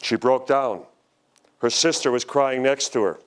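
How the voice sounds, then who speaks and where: An older man giving a conference talk, telling a story slowly and dramatically, quoting the people in it. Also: medium pitch, clear, resonant tone. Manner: slow, dramatic storytelling with quoted voices. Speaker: speaker at a UFO conference. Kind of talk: storytelling lecture. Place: lecture hall.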